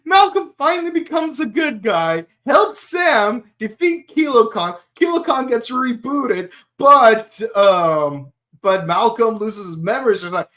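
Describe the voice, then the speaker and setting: A man's voice: very high-pitched, expressive, a little slow, few pauses, sharp tone. A man hosting a podcast in casual chat, rambling, laughing often and slipping into silly voices. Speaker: podcast host.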